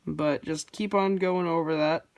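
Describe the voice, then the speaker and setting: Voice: mid-range voice, steady tone, unhurried, gravelly, dry recording. A person hosting a casual drawing tutorial, talking in a rambling, offhand and self-deprecating way while sketching. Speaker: art tutorial host.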